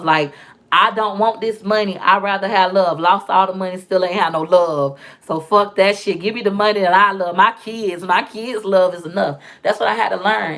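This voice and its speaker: Woman, 30s, lowish voice, emphatic, candid storytelling, repeats herself for effect. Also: a bit bright. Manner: emphatic, repeats phrases, acts out quotes of others. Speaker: vlogger.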